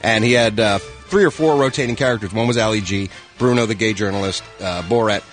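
A man hosting the entertainment news segment of a morning radio show, wisecracking and lively. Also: lowish voice, brisk, soft background music. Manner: wisecracking, lively, puts on voices in stories.

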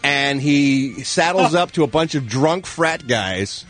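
A man's voice: fairly high pitch, takes it slowly, faint music behind. Wisecracking radio entertainment reporter man. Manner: wisecracking, lively, puts on voices in stories. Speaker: entertainment news host. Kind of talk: radio show chat.

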